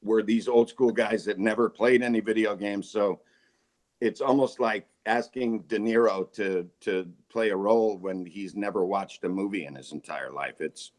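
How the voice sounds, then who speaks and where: A man in his forties, a voice actor and guest, telling stories in a jokey, relaxed way. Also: on the low side, moderate pace. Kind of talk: casual interview chat.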